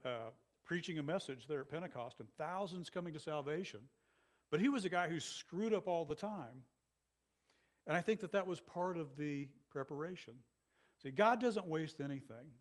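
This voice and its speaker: Man preaching in an animated, chatty way. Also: on the high side. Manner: conversational, animated preaching with frequent asides. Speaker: pastor. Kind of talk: sermon.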